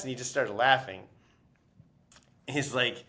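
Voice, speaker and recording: A man's voice: mid-range voice, level tone, normal speed, long pauses, sharp tone. A man being interviewed as an author, telling stories casually with many fillers and restarts.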